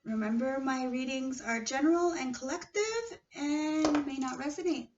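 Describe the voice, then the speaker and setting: Speaking at a moderate pace, this woman has a high, animated voice with a darkish tone. She's a tarot reader with a non-native English accent, chatting casually through a card reading and frequently checking in with listeners. It's a noisy, dull home recording captured from a distance.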